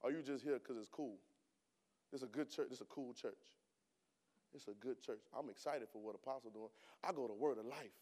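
A man preaching a sermon in a church, talking casually to the congregation and firing rhetorical questions, then rising into loud, emphatic bursts. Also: mid-range voice, normal speed.

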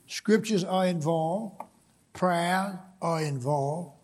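A man's voice: on the high side, lively intonation, takes it slowly, husky, long reverb tail. A man preaching a sermon, repeating words and building to emphatic points. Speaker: pastor.

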